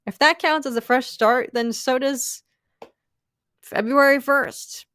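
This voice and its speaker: A woman's voice: high voice, takes it slowly, fairly bright tone, no room sound. A young woman hosting a casual live stream, gushing and laughing often as she thanks viewers and rambles with fillers. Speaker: livestream host.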